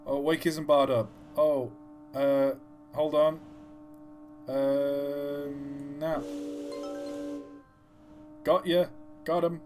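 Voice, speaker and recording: A man's voice: fairly high pitch, flat delivery, extremely slow, pauses often, music in the background. A man chatting casually while playing a game on a livestream, self-mocking and playful. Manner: self-mocking, chatty, trying out silly voices. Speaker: streamer. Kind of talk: casual gameplay livestream commentary.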